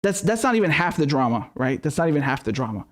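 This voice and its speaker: A man's voice: fairly high pitch, big pitch swings, quick pace. A man hosting a live-streamed political commentary show, ranting in a heated, profane way.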